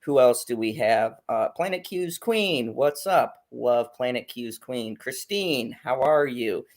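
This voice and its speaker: Young guy hosting a chill stream, jokey and hyped, middle pitch. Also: slow. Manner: hyped, joking, reads chat aloud. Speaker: host. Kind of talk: casual livestream chat.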